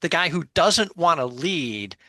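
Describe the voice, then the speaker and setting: A man's voice: a little high, very animated, a little slow, sharp tone, dry recording. A man hosting a podcast, reading a short plug and affirming his guest in an upbeat way. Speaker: podcast host.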